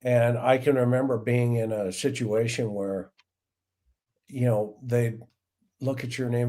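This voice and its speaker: A man's voice: medium pitch, unhurried, long pauses. A middle-aged man hosting a livestream, telling anecdotes from his years as a police officer and acting out the people in them. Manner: animated anecdotes with acted-out voices. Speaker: podcast host, retired police officer. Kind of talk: casual livestream storytelling.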